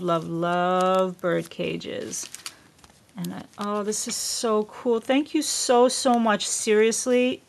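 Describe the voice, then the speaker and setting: A woman talks casually to her camera at home, gushing over things in an effusive way and often letting her sentences trail off. Her pace is slow and unhurried, and a gravelly fry runs through her voice. A faint hiss of noise sits behind her. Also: fairly low pitch. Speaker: craft vlogger unboxing gifts.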